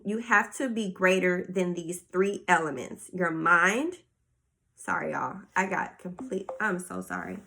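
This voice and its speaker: Bright, expressive woman podcaster. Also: on the low side, measured pace, vocal fry, faint music behind. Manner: expressive, reads passages aloud then comments, faith-inflected asides. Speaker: podcast host. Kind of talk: casual solo podcast, reading and reflecting.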